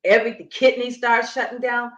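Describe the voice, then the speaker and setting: A woman's voice: on the high side, little pitch movement, a little fast, fairly bright tone, dull audio. A woman who coaches Pilates and breathing, explaining emphatically in a conversational interview. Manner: emphatic, instructive, demonstrating as she explains. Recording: echoey room.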